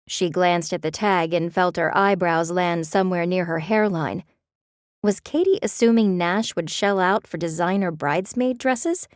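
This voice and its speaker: A woman narrating a romance audiobook in a measured, expressive way. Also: on the low side, no echo, studio quality.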